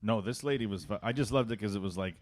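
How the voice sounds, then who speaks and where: Profane, low-voiced man, storytelling co-host. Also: darkish tone. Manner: profane, storytelling with quick voice impressions. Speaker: podcast co-host. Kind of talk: casual comedic chat.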